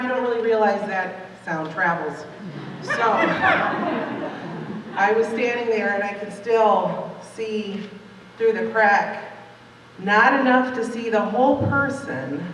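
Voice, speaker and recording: A woman in her forties tells a true story live on stage in an animated, conversational way. Her voice echoes strongly around a large hall, picked up from some distance with a long reverb and a faint hiss underneath. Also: mid-range voice. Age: 40s.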